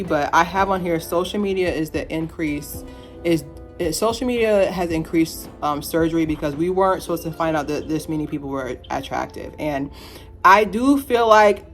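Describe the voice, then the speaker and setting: Animated low-voiced woman in her thirties. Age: 30s. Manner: animated, laughs often, playful asides. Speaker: vlogger. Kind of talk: casual opinion rant to camera.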